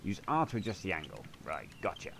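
A man's voice: deep voice, wildly swooping pitch, brisk, vocal fry, noisy background. A man swearing and joking his way through a video game. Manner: sweary, jokey running commentary. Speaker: gamer. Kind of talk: let's play commentary.

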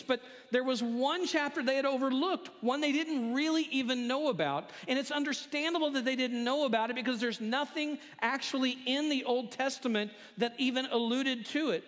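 A man's voice: very high voice, normal speed, hardly any pauses, a bit bright. A man preaching a sermon as pastor, in a conversational manner, acting out quoted lines. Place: church sanctuary. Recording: long church reverb.

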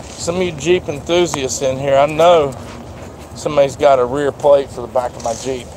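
A man with a drawl talks his way around a car lot in a loose, rambling vlog. His voice sits mid-range and folksy, with the odd mild swear, caught on a handheld phone with clear traffic and street noise around him. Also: mid-range voice, fairly even intonation, moderate pace, a little mellow, low-quality recording. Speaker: vlogger. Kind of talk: casual walkaround vlog. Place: outdoors at a car dealership lot. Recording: outdoor traffic noise behind.

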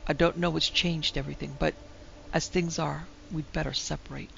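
A woman voicing a tired, unhappy husband in a storybook reading who speaks quietly and steadily. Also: deep voice, fairly even intonation, moderate pace, creaky, heavily acted. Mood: weary. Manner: quiet, weary. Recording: dull lo-fi recording with faint hiss.

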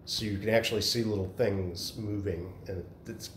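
A man leading a Bible study group, telling animated stories in a casual chat. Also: fairly low pitch, moderate pace, slight background noise. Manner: chatty, animated storyteller. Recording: echoey room.

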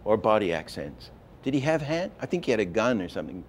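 An older man teaching animation, telling stories in a lively way and acting out example lines, with many restarts. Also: lowish voice, fast, slight background noise. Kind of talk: lecture with acted-out examples.

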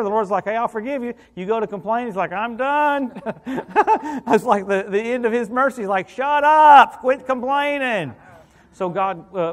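A high-pitched, middle-aged man preaches an evangelical sermon as a guest minister. He's animated and jokey, frequently calling out "hallelujah" and "come on."

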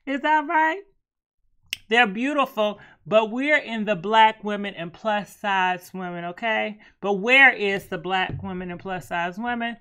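A woman's voice: medium pitch, a little slow, bright, forceful tone, clear, resonant tone. A woman giving sassy, chatty celebrity gossip commentary straight to her viewers. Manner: sassy, chatty, addresses viewers as girl and honey. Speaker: gossip vlogger.

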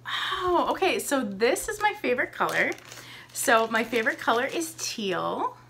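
A woman's voice: fairly high pitch, sing-song, measured pace, creaky, fairly bright tone, slight background noise. A young woman vlogger unboxing a subscription box, gushing and gasping with delight over each item. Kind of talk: excited unboxing chat.

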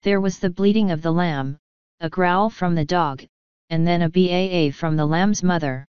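A woman narrating an audiobook in a steady, even storytelling manner. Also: on the low side, a little slow, smooth, no room sound, highs cut off.

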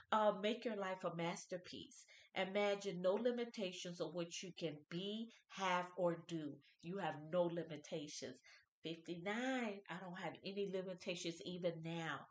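A woman in her fifties reads uplifting quotes aloud and reacts to each one in an expressive, churchy way. Her voice sits at a middle pitch. The room around her is echoey. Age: 50s. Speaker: vlogger. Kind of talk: inspirational birthday vlog, reading quotes.

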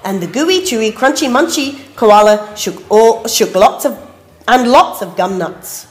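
Lively woman reading a picture book. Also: a little high, a little slow. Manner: lively and expressive, adds asides for children. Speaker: preschool teacher. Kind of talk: storybook read-aloud. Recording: echoey room.

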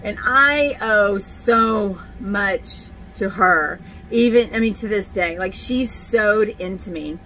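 Bright-voiced woman telling her story. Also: mid-range voice, slow pace, few pauses, slight background noise, low-quality recording. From Texas. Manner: chatty and candid, many fillers and restarts. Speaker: speaker sharing her faith testimony. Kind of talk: casual personal testimony.

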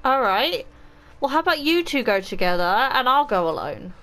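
A woman, chatty and excitable, giving let's play commentary as a gaming channel host. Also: a little high, a little fast.

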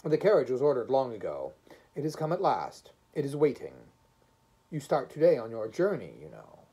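A man voicing a brisk ominous driver in black. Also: medium pitch, huge pitch swings, dark tone, slightly rough, voice pushed up, exaggerated voice, rough recording. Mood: commanding.

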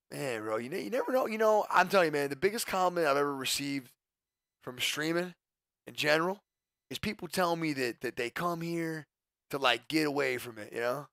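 Brief: young male streamer, bright, lively voice, profane, excitable, dry close sound. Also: a little high, no room sound. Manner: excitable and profane, talks to his chat. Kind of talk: casual livestream chat.

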